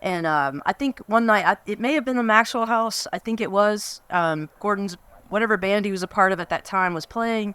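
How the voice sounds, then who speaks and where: A woman's voice: mid-range voice, brisk, few pauses, a bit bright, clear, resonant tone. A woman in her fifties giving a fond, rambling reminiscence at a memorial gathering. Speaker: memorial speaker. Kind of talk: reminiscing speech.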